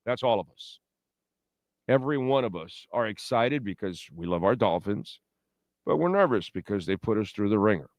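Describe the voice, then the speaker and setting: A man's voice: fairly low pitch, lively intonation, moderate pace, darkish tone, no room sound. A man hosting a pregame sports talk show, rambling in opinionated, die-hard fan banter and reading out messages from his listeners. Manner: reads the chat board and talks to listeners. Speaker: sports radio show host.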